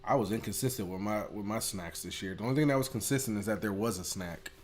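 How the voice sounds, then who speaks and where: Excitable man chatting casually. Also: fairly low pitch, fast talker, a little hiss or hum. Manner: excitable, laughs often, swears casually. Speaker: podcast co-host. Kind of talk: casual chat.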